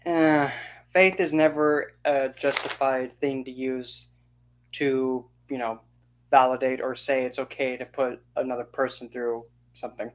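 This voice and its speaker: Vlog rant, indignant, sarcastic, mid-pitched voice, mocking quoted voices. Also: little pitch movement, a little slow, slight background noise. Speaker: occult channel host. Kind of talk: ranting opinion monologue.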